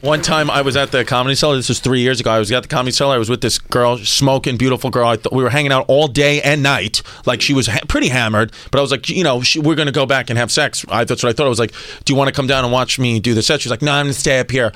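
A man's voice: mid-range voice, very fast, dry recording. A man in his thirties, a comedian guest telling stories on a comedy podcast and acting out the people he quotes. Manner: animated storyteller, acts out the people he quotes.

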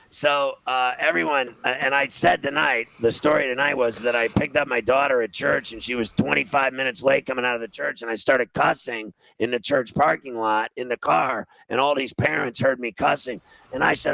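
A man's voice: mid-range voice, moderate pace, vocal fry, sharp tone, poor audio. A middle-aged man hosting a casual sports betting chat, telling rambling self-mocking stories with plenty of cussing. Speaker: sports podcast host.

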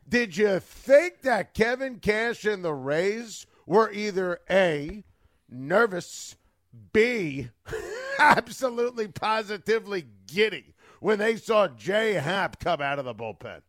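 Guy ranting about his team, slow and fuming, high voice swinging all over. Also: sing-song, fairly bright tone, no echo, studio quality. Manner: fuming, lists adjectives in threes. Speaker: sports commentator. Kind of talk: angry sports rant.

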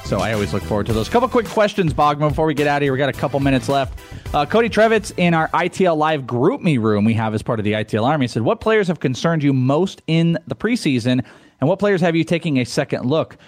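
A man co-hosting a casual sports radio podcast, talking in an upbeat way with quick jokes and asides. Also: on the high side, very animated, faint music behind. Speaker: podcast co-host.

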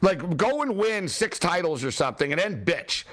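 A man ranting in a casual sports talk, animated and full of fillers. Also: sits high, moderate pace.

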